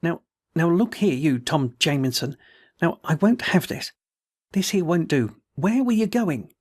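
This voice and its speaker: A man's voice: a little high, animated, a little slow, darkish tone, dry recording. A man doing a slurred, rambling wounded soldier. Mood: slurred pleading. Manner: folksy, pleading, words slurred.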